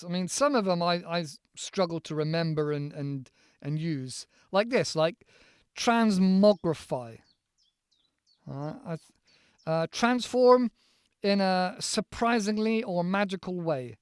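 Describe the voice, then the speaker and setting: A podcast host teaches English vocabulary in a casual lesson from a countryside home, rambling and spelling words letter by letter. His voice sits on the high side, captured in clean studio sound with no echo.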